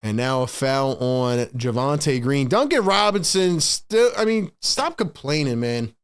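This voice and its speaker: A man's voice: mid-range voice, animated, measured pace, clear, resonant tone. A man doing live play-by-play for his own fan stream, calling the action and ranting in frustration between plays. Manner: sighs and rants between calls.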